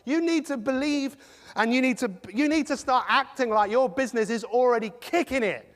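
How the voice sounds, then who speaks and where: A middle-aged man giving an energetic motivational talk, quizzing the audience as he goes. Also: extremely high pitch, fairly quick. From England. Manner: energetic, rhetorical, quizzes the crowd. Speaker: motivational speaker. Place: large conference hall. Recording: long hall reverb.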